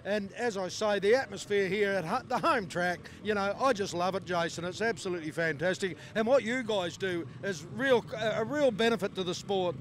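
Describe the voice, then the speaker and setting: A man's voice: high-pitched, normal speed, few pauses, fairly bright tone, slight background noise. A man with a New Zealand accent, a speedway announcer chatting trackside, enthusiastic and effusive. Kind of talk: casual trackside chat. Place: outdoor speedway pits.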